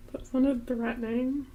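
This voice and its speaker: A young woman co-hosting a podcast in casual chat, giggly and chatty with lots of "like". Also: sits high. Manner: giggly, chatty, uses "like" often. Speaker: podcast co-host.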